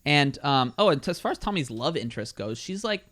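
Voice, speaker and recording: A man's voice: fairly high pitch, sing-song, brisk, a bit bright. A man co-hosting a film review podcast, chatting casually, swearing freely and joking around. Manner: profane, joking, slips into silly voices. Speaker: podcast co-host.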